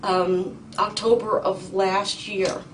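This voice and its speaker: A middle-aged woman testifying in a courtroom, urgent and indignant, halting with ums and restarts. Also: mid-range voice, level tone. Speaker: petitioner in court. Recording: distant mic with faint noise.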